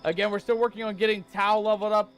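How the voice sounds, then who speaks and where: Man, game streamer, very high voice, smooth, playful chatty commentary, faint music behind. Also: flat delivery, quick pace, fairly bright tone. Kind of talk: casual gameplay commentary.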